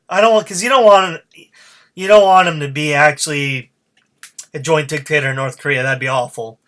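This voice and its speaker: A man rants alone into his podcast mic, swearing freely and working himself into a fired-up state. His voice has a bright, cutting edge throughout. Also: a little high, normal speed. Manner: fired-up, profane, ranting. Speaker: podcast host. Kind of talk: solo podcast rant.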